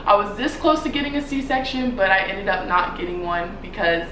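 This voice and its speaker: A woman's voice: mid-range voice, fairly even intonation, normal speed, a bit bright, a little hiss or hum. A young woman vlogger telling a personal story in a chatty way, with filler words every few words. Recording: roomy echo with faint ambience.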